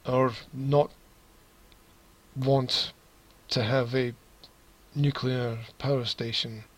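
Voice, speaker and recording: A man's voice: mid-range voice, flat delivery, extremely slow, low-quality recording. A man teaching English, reading a news text aloud and adding sarcastic, chuckling asides.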